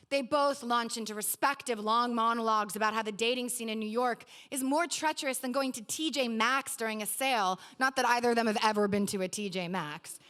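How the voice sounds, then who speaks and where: A woman reading her own personal essay aloud at a live literary event, wry and lively, with quick asides. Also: fairly high pitch.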